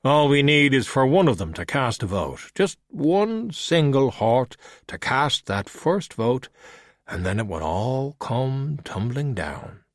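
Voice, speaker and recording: A man voicing a calm, witty skeleton detective in an audiobook, speaking in a measured, wry and unhurried way. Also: mid-range voice, no echo. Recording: dry close audiobook recording.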